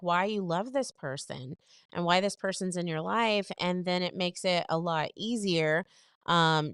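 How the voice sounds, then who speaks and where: A woman with a lowish, smooth, clear voice chats on a relationship podcast. She talks loosely with lots of fillers and acts out quoted lines with bursts of emphasis. The sound is close and dry. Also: dry recording. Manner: chatty, filler-heavy, animated retellings. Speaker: podcast co-host. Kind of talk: casual advice chat.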